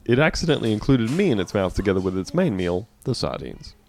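A man's voice: on the low side, big pitch swings, fast talker, creaky, a little mellow. A man co-hosting a casual comedy podcast, reading out news stories with jokey asides. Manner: reads news aloud with jokey asides and laughs.

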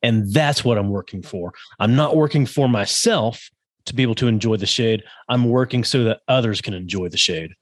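A man's voice: lowish voice, moderate pace, no echo, clean studio sound. A man hosting a podcast interview, agreeable and reflective, summing up points before asking questions. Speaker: podcast host.

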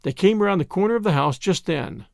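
A man narrating a storybook in an expressive reading. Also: high-pitched, fast, vocal fry, no room sound, clean studio sound. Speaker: audiobook narrator. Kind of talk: scripted narration.

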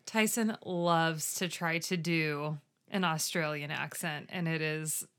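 A woman co-hosting a chatty podcast who speaks slowly in a slightly low voice. She mostly answers with brief, dry reactions and the odd joking aside. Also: fairly even intonation, fairly bright tone. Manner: short reactions and dry quips. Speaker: podcast co-host. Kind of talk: casual podcast banter.

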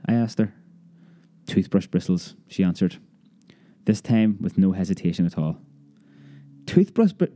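A narrator reads a childhood memoir aloud as an audiobook, telling it in a lively way and raising his pitch to voice a child's cries.

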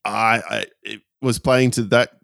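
A man co-hosting a casual podcast chat, quick to laugh. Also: fairly low pitch, fairly even intonation, gravelly, fairly bright tone. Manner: laughing, exclamatory. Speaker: podcast co-host.

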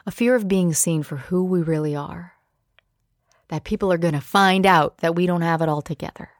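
A woman's voice: on the low side, moderate pace, dry recording, clean studio sound. A woman hosting a solo podcast, talking candidly and expressively, with playful asides. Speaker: podcast host.

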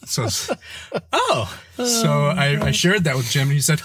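Man telling a warm, rambling story. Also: breathy edge, no echo. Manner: animated, playful, jumps into high voices mimicking his kids; halting, with frequent restarts when reflective. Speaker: podcast guest. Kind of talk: casual conversational storytelling.

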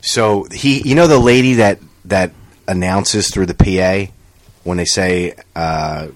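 A young man with a fairly low voice, recorded close and dry with no room sound. He chats casually on a podcast, telling an animated story, acting out quotes and swearing freely. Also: a little slow, no room sound. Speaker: podcast co-host. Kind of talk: casual chat.

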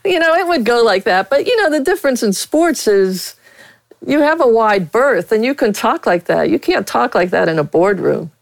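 A woman's voice: a little high, animated, normal speed, vocal fry, dry recording, low-quality recording. A middle-aged woman from Pittsburgh, a veteran sportswriter, telling frank stories with a blunt, candid manner as an interview guest.

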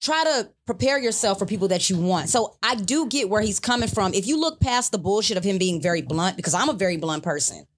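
A woman's voice: medium pitch, lively intonation, fairly quick, hardly any pauses. A young adult woman co-hosting a podcast, explaining her view bluntly and building it up with examples. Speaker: podcast co-host. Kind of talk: casual podcast chat.

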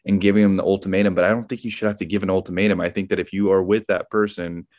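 A man's voice: low voice, level tone, racing, a little mellow, dry recording, muffled recording. A man chatting as a guest on a podcast, in an easygoing, upbeat way. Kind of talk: casual chat.

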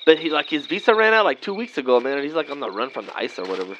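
A man's voice: fairly high pitch, lively intonation, rapid-fire, fairly bright tone, dull audio, slight background noise. A man playing a laid-back guy, rambling in slangy drawled talk full of "man" and "vato". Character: laid-back Mexican-American guy trick-or-treating with buddies.

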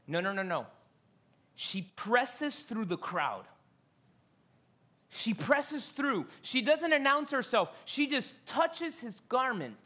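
A preacher delivering a sermon from a stage, telling the story in an animated way, full of rhetorical questions and casual slang. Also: medium pitch, measured pace.

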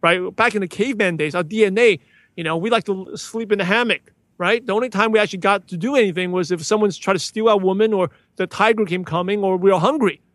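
A man's voice: high-pitched, fast talker, fairly bright tone, no room sound, studio quality. A man as a podcast guest, talking in an earnest, motivational way with lots of "right?" and fillers. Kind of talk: casual interview chat.

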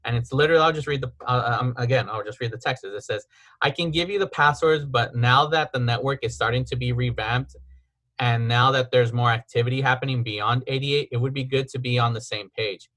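A man's voice: medium pitch, fairly even intonation, brisk, a bit bright. A man, a podcast host, telling a frustrating story in a casual rant, full of "like" and quoted texts. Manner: aggrieved, retelling texts with filler "like".

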